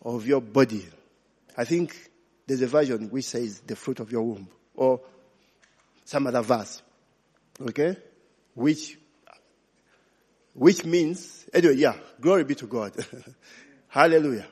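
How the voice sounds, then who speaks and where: A man's voice: medium pitch, measured pace, pauses often, darkish tone, breathy edge. A man preaching a sermon, asking the congregation questions and slipping in Luganda phrases. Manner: call-and-response, asks congregation questions. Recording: long reverb of a large hall.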